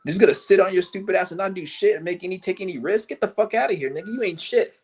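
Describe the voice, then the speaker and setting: Angry, profane man ranting, pitched high. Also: fast, darkish tone, husky. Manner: angry, cursing, mocking; breaks into high mocking impressions of others. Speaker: livestream host. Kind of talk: profane rant to camera.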